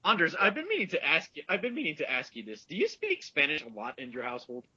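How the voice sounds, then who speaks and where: Husky bright-voiced man, dry lo-fi audio. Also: a little high, fast, no echo. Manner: animated, laughs while talking. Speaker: podcast co-host. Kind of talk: casual chat.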